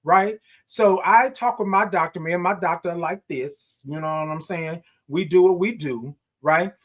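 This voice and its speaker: A middle-aged man hosting a live morning show, talking in an animated, preacher-like way, repeating phrases and reading viewer comments. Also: sits high, moderate pace. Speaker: host.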